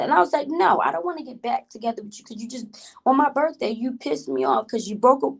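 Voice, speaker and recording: A woman's voice: a little high, gravelly. A woman hosting a casual storytime vlog, chatty and repetitive, who keeps addressing her viewers directly and greets live chat mid-story. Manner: chatty, repeats herself, addresses viewers as y'all. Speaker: vlog host telling a story.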